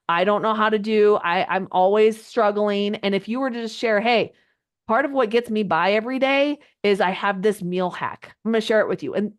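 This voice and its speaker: A woman coaching a group live on a video call, chatty and animated, her voice jumping up when she gets excited. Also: mid-range voice. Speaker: social media coach. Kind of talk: live online coaching session.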